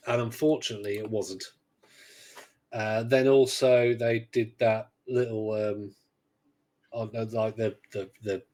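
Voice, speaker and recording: A man's voice: on the low side, a little mellow. A man, co-hosting a gaming podcast in casual chat, rambling with dry, sarcastic humor. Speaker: podcast co-host.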